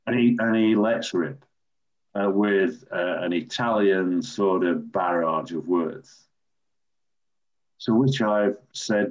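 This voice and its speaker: An older man from England, a former referee, telling animated anecdotes as an interview guest. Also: sits low, takes it slowly. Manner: animated raconteur, acts out quoted voices. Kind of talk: anecdotal storytelling. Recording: dull lo-fi recording.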